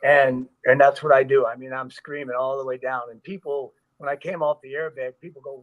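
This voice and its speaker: A stuntman telling a story in an interview, animated and loose, acting out quoted voices with frequent fillers. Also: mid-range voice, brisk, few pauses, highs cut off. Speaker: stuntman, guest.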